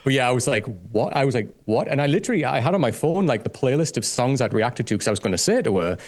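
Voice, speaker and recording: A man, a guest on a chat show, telling an excitable, gushing story in casual conversation and swearing freely. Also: medium pitch, very fast. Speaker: guest, music reaction video creator.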